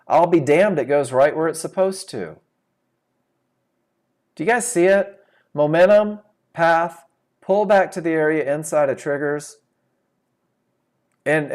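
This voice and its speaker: A man's voice: fairly high pitch, darkish tone. A man leading a live trading class over a computer microphone, firing rhetorical questions and repeating his key points for emphasis. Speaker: trading instructor. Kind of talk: live webinar teaching.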